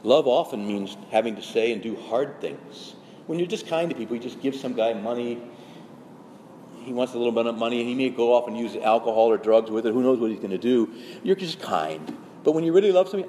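A man preaching as a Catholic priest, urgent and pleading. His voice is warm and mellow, and it jumps up in pitch and volume when he presses a point. A faint hiss of noise sits underneath. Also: lively intonation, brisk. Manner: urgent and pleading, with sudden rises in pitch and loudness; acts out quoted parishioners in their voices. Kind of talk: sermon-style teaching talk.

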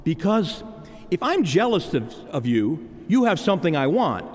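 A man preaching a sermon, emphatic and animated, speaking straight to the congregation. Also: on the high side, normal speed. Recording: reverberant hall.

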